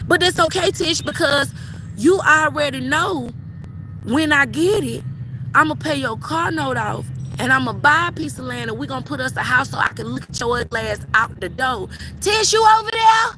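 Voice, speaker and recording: A woman tarot reader rants in a casual vlog recorded outdoors in a cemetery, telling stories in a blunt, profane, animated way. Her voice sits high and moves at normal speed, with slight background noise.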